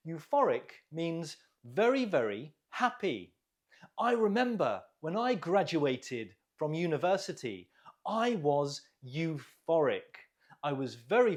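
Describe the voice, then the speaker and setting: A man teaching an English vocabulary lesson, explaining words clearly and asking learners questions to repeat. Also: fairly high pitch. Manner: clear, lively teaching delivery with rising questions.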